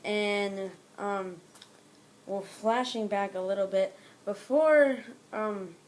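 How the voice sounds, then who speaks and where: A woman's voice: mid-range voice, takes it slowly, a little hiss or hum. A woman vlogger giving a casual, rambling recap of a wrestling episode, full of "um" and "blah, blah" asides.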